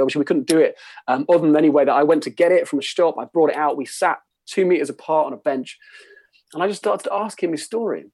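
A man's voice: mid-range voice, quick pace, gravelly, darkish tone, husky, no room sound. A man giving an earnest, conversational church teaching talk, often checking in with "okay?" as a pastor.

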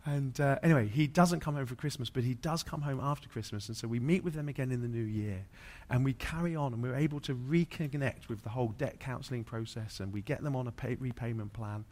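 A man's voice: medium pitch, a little fast, few pauses, darkish tone. A man, a pastor, preaching through an anecdote, with many fillers and restarts. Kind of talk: sermon storytelling.

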